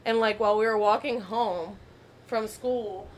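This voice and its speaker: A woman hosting a podcast, telling a story in a casual, animated way, laughing and swearing often. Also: medium pitch, measured pace, slight background noise. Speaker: podcast host.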